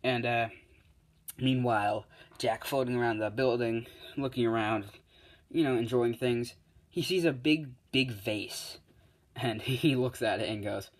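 A man's voice: mid-range voice, measured pace. A young man improvising a fan-fiction story aloud, rambling with many fillers and self-corrections.

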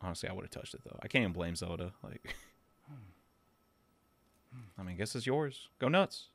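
A young man giving loud, excitable, jokey commentary as a let's play host. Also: on the low side, a little slow, creaky.

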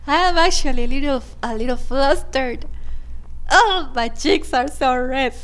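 A woman's voice: high-pitched, measured pace, a bit bright, smooth. A woman hosting a let's play, chatting casually and giggling and gushing as she comments on the game. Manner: giggly and gushing, laughs often. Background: faint game music.

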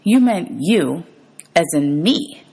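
Confused teen boy read by a woman, keeps asking questions, bit gravelly. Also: fairly low pitch, animated, slow, warm tone, full character voice. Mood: incredulous. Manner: rising, incredulous questions. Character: confused, bewildered teenage boy.

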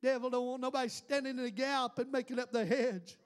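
High-voiced pastor preaching fervently. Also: male voice, steady tone, brisk. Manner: fervent, repetitive rhetorical questions. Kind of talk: sermon. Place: church building before a congregation.

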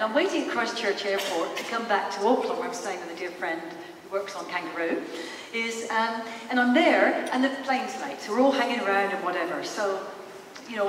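A woman psychologist giving a lively, engaging talk in a large expo hall, asking the audience questions, heard from a distant mic with a roomy echo. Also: mid-range voice. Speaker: psychologist and speaker. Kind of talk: public presentation. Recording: echoey hall, distant mic, faint noise.

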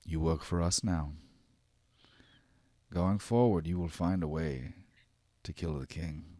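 A man voicing a cold, scheming official who speaks in quiet, measured threats. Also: sits low, dry recording, clean studio sound. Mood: commanding. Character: cold scheming male official, smooth menace.

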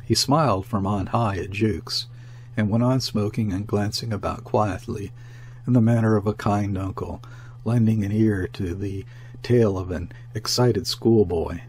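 Male audiobook narrator, measured reading, slightly low voice, faint hum. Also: fairly even intonation, a little mellow. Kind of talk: reading a classic novel aloud.

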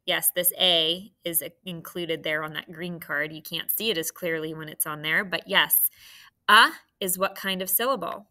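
A woman's voice: on the low side, fairly even intonation, bright, forceful tone. A woman teaching a phonics lesson to third graders, patient and encouraging. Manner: patient, encouraging, slow and clear. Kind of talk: phonics lesson for young students.

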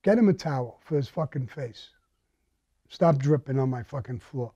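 Blunt, foul-mouthed New man, dark voice. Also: medium pitch, lively intonation, moderate pace, husky, dry recording, lo-fi sound. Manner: blunt, profane, menacing storytelling. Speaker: storyteller. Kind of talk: recounting a crime story.

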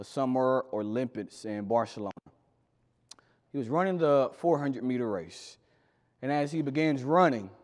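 A man preaching a sermon in a church, swinging from loud emphatic lines to quiet low drops. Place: church sanctuary. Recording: long hall reverb.

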